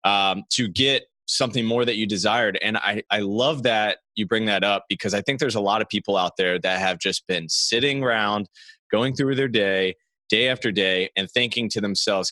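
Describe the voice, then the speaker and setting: A man's voice: on the low side, normal speed, pushed and bright, no room sound. A man hosting a podcast, asking earnest, encouraging interview questions. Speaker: podcast host.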